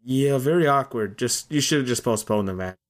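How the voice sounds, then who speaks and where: A man's voice: medium pitch, expressive, brisk. A man co-hosting a wrestling podcast in casual chat, rambling and trailing off with restarts. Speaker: podcast co-host.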